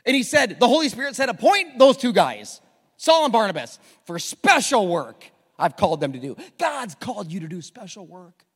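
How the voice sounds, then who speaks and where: A man with a high voice preaches to his church. He drops to a near hush, then climbs to loud, repeated calls. A long reverb trails his words around the sanctuary. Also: big pitch swings, moderate pace, slightly rough. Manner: swings from hushed to shouting with many repeats. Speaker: pastor. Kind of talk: sermon.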